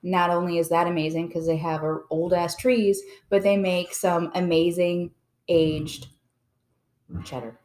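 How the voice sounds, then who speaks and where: Low-voiced playful woman podcaster. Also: little pitch movement, unhurried, a little mellow. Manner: playful, jokey, rambling tangents. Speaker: podcast co-host. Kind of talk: casual chat.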